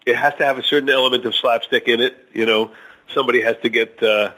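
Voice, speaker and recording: Man, talk show guest, casual, hesitant, middling pitch, frequent fillers. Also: fairly even intonation, pushed and bright, poor audio. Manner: hesitant, many fillers and restarts, tells jokes slowly. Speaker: guest author.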